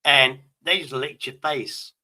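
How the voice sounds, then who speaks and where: A man's voice: medium pitch, steady tone, slow, bright, forceful tone, rough recording. A man from Britain hosting a stream, telling rambling stories in crude casual banter and swearing constantly. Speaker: stream host.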